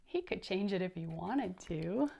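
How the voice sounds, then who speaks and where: A woman's voice: on the low side, lively intonation, a little slow, vocal fry, mellow. A woman teacher reading a picture book aloud to young children, laughing and stopping to explain words.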